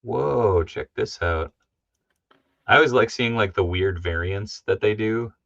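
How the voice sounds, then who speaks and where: A man hosts a casual livestream chat in a rambling, excitable way, often breaking into laughs. His voice is pitched a little low with a sharp, forceful edge. The sound is dry and dull, like lo-fi stream audio. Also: a little slow, gravelly, dry recording. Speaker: livestream host. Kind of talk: casual chat about toys.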